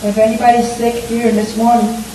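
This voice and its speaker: A middle-aged woman gives her church testimony, earnest and halting, her story full of fillers and restarts. Her voice is mellow and dark. She is picked up from a distance in an echoey hall with faint noise behind her. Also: on the high side, flat delivery. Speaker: church member giving testimony. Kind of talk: personal testimony.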